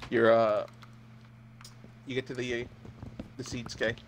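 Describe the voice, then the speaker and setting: A young man running a comedic role-play game as game master, narrating in a deadpan, crude way. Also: medium pitch, unhurried, a little hiss or hum.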